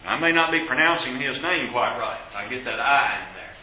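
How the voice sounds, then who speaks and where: A man's voice: mid-range voice, lively intonation, moderate pace, bright, forceful tone, slight background noise. A man teaching a Bible class, asking questions of the group and stressing key points with emphasis. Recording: echoey, dull room recording.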